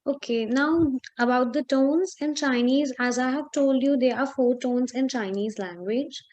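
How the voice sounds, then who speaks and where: During an online Chinese lesson, a female tutor guides a student slowly and carefully, pausing often and using small fillers as she explains. Her voice is a bit high with a darkish tone.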